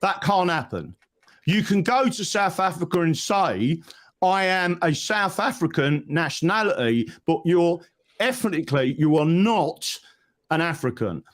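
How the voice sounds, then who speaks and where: A man, a guest in a live online talk, lecturing forcefully in a heated debate and tagging his points with "right?". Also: a little high, sing-song, measured pace.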